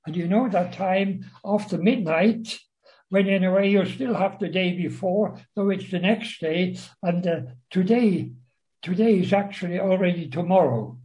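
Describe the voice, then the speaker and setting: A man lecturing on a novel, reading passages aloud and commenting on them in a slow, halting way with frequent pauses and fillers. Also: high voice, mellow, muffled recording. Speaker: literature lecturer.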